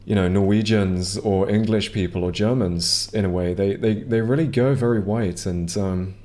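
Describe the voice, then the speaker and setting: Moderately paced and fairly even in tone, a man with a lowish, slightly mellow voice chats with viewers while streaming a game. His casual gameplay commentary rambles with plenty of ums and restarts, recorded on a headset or desk mic.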